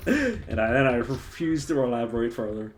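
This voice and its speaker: A man's voice: mid-range voice, expressive, unhurried, a little hiss or hum. A man streaming live, chatting casually, often breaking into laughter and restarting his sentences.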